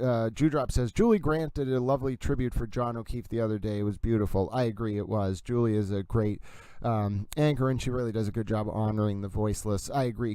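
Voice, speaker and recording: Male stream host, animated and chatty, smooth resonant tone. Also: medium pitch, dry recording. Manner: chatty, reads viewer comments aloud; animated and gossipy, laughs while reading. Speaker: livestream host discussing a court ruling. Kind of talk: casual livestream commentary.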